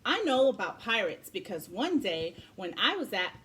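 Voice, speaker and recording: A woman and parent reading a children's picture book aloud, telling the story in an expressive, lively way. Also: mid-range voice, moderate pace.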